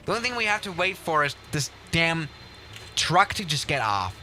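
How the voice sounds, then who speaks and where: Lively, bright-voiced excitable young man. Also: fairly high pitch, moderate pace, faint music behind. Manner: excitable, rambling, self-mocking. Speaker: livestream host. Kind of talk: casual game livestream commentary.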